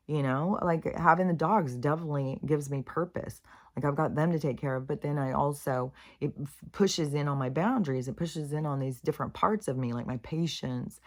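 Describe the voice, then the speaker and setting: A middle-aged woman with a notably low voice talks off the cuff as a spiritual vlogger. She meanders, circles back with "like" and "um", restarts her sentences, and swears freely. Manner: meandering, many fillers and restarts, frequent swearing. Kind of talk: rambling casual monologue.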